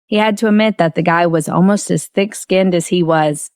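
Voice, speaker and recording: A woman narrating an audiobook novel in steady storytelling. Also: on the low side, normal speed, dry recording, clean studio sound. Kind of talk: scripted narration.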